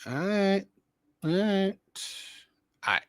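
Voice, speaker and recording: A man's voice: high voice, lively intonation, takes it slowly, clean tone, no echo. Male call-in host, emphatic and repetitive, dry close sound. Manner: emphatic, repeats phrases. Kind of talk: call-in show commentary.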